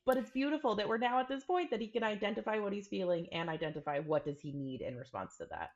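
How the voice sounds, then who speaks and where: A woman's voice: mid-range voice, lively intonation, fast. A woman co-hosting a podcast, talking things through earnestly in casual chat and often acting out quoted examples. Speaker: podcast co-host. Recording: dull lo-fi recording.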